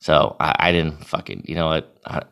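A man's voice: a bass voice, moderate pace, gravelly, a bit bright, clear, resonant tone. A young man from Massachusetts, a beer league hockey goalie, ranting casually to camera with profanity and lots of fillers. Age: young adult.

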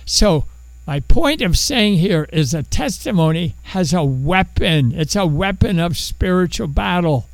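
A man preaching with a high, swooping voice that turns gravelly in places. He tells Bible stories conversationally, acting out each character. The sound is close and dry. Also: unhurried, dry recording, rough recording. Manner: animated storytelling, acts out biblical characters. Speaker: pastor. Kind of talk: sermon.

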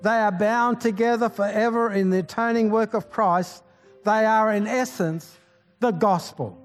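A man's voice: high voice, unhurried, soft background music. A male pastor preaching a sermon, rallying his congregation with rhetorical questions, folksy asides and repeated exclamations.

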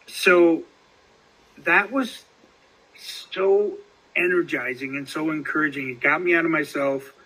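A man's voice: fairly high pitch, pushed and bright, husky, poor audio. A man hosting a casual recovery podcast, telling a story in rambling fashion with many restarts and fillers. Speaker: podcast host.

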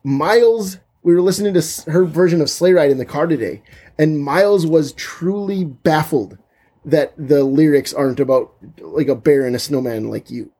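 A man's voice: a little high, normal speed, dark tone, slightly rough. A man co-hosting a podcast in casual chat, joking and slipping into silly voices. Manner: jokey, breaks into silly voices. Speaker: podcast co-host.

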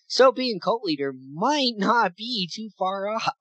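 A podcast co-host trading casual banter and throwing in dry, joking remarks. The voice sits at a middle pitch, and the recording is dry, with no room sound. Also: expressive, unhurried, a bit bright, dry recording.

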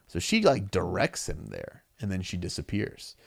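A man casually recapping a comic book story as podcast co-host, animated, acting out quick quotes. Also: low-pitched, vocal fry, breathy edge, no echo, studio quality. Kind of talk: casual chat.

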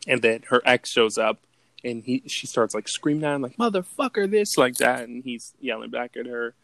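Chill guy w a gravelly voice, recapping movie bits on a podcast, dry close mic. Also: medium pitch, level tone, normal speed, fairly bright tone, no echo. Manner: laid-back, laughs often, acts out quotes in voices. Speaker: podcast co-host. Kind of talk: casual chat, retelling movie scenes.

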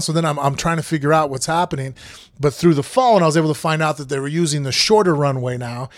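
A gravelly-voiced man with a slightly raised pitch spins a winding travel story for a podcast, stopping often with fillers. He slips into the voices of the people in it as he goes. The sound is dry and close. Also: brisk, no echo. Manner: rambling, animated storyteller acting out quoted dialogue. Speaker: podcast co-host.

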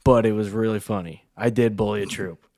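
A man's voice: lowish voice, steady tone, brisk, mellow, no room sound, clean studio sound. A young man hosting a podcast in casual chat, rambling and cutting himself off while he laughs through a story. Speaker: podcast host.

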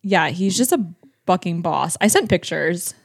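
A woman's voice: fairly low pitch, expressive, gravelly, slightly rough, no echo. Casual young female podcast host, chatty and profane, close dry mic. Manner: chatty, swears casually, quick asides. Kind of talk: casual chat.

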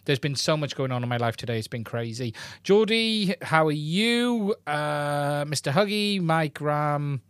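A man's voice: fairly high pitch, animated, measured pace, clear, resonant tone, no room sound. Chatty man hosting a tech stream. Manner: chatty, greets viewers by name. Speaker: tech live stream host. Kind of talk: casual live stream chat.

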